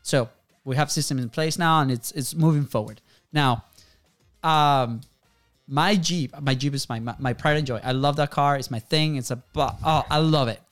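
A man's voice: on the high side, moderate pace, soft background music. A man, a podcast host, telling a personal story in casual chat, rambling with restarts and tagging on "right?".

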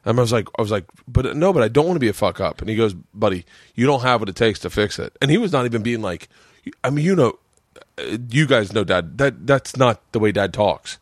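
Forties male podcast host, buzzed, rambling profane storyteller; lively pitch, dry close sound. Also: brisk, dry recording. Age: 40s. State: tipsy from drinking. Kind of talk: casual storytelling chat.

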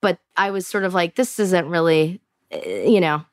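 A woman's voice: fairly low pitch, normal speed, no room sound, clean studio sound. A Canadian woman in her forties, a podcast guest telling stories in casual chat, with lots of fillers and restarts. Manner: chatty, animated storyteller with many fillers and restarts.

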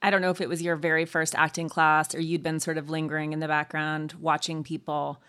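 Deep-voiced woman interviewer. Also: little pitch movement, a little fast, a bit bright, clear, resonant tone. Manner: curious, earnest questioning. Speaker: host. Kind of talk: interview conversation.

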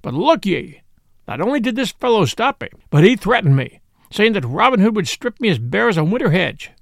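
A man's voice: high-pitched, sing-song, fairly quick, vocal fry, no room sound, studio quality, exaggerated voice. A man voicing a pompous, indignant bishop who blusters about his outrage.

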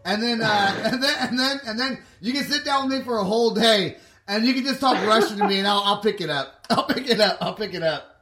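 An excitable male podcast host from Puerto Rico chats casually and laughs often. His voice sits very high and sounds bright and forceful. The room gives it a clear echo. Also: brisk, a little hiss or hum.

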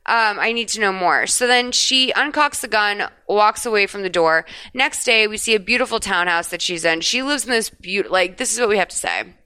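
Bright, chatty woman podcast host. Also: medium pitch, normal speed, hardly any pauses, clear, resonant tone. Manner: chatty, swears freely, animated retelling. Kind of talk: casual chat recapping a TV episode.

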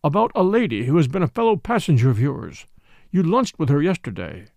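A man's voice: a little high, sing-song, a little fast, gravelly, a little mellow, dry recording, studio quality. A man reading an audiobook voices a pompous, self-important French police commissary who speaks formally.

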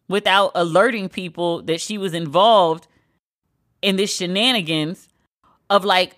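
A woman hosting a solo pop-culture podcast, talking in a sassy, sarcastic, animated way. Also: mid-range voice. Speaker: podcast host.

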